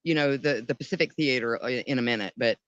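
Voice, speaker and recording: A man's voice: medium pitch, fast, fairly bright tone, no echo, muffled recording. A man co-hosting a podcast in casual chat, thinking aloud with restarts and casual swearing. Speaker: podcast co-host.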